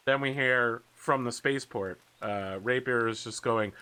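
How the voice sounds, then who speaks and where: A man in his thirties narrating a tabletop war game as game master, animated and lively. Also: mid-range voice, measured pace, few pauses, clean tone. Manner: animated, shouts radio chatter of pilots.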